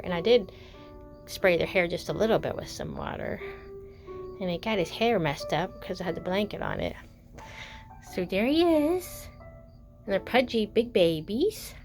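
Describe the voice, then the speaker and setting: A woman talks through a casual show-and-tell vlog, rambling and gushing as she goes. Her voice sits a little low, with fillers and little self-corrections. Faint music plays underneath. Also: a bit bright. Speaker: doll collector vlogger.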